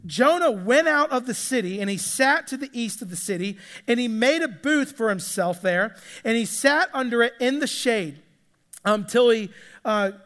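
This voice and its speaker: Guy preaching casually, jokey and chatty, high voice, echoing through a big hall. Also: a bit bright. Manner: chatty, joking, acts out quotes. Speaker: pastor. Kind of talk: casual sermon. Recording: long hall reverb.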